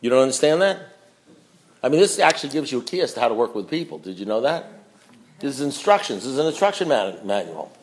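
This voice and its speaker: A man's voice: big pitch swings, quick pace, a little hiss or hum. Blunt emphatic man preaching at a meeting. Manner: blunt, emphatic, repeats himself; swings between low asides and loud preaching. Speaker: speaker at a recovery meeting. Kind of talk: recovery meeting talk reading from a book.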